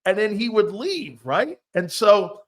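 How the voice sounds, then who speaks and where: A male sports show host with a somewhat high voice, chatting casually. He winds through long, rambling questions and brings retold stories to life. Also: big pitch swings, unhurried, fairly bright tone. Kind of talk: casual interview chat.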